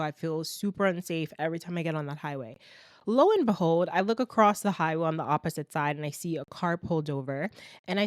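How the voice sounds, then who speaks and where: A young adult woman hosting a podcast alone, ranting in a blunt, animated and exasperated way, a little congested from a cold. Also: on the low side, dry recording, clean studio sound. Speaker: podcast host. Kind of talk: solo ranting podcast monologue.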